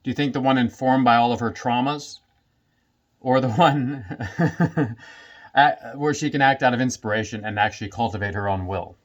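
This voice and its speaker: A man's voice: mid-range voice, normal speed, muffled recording. A man who works as a somatic healing practitioner, talking casually to camera and often laughing between his phrases.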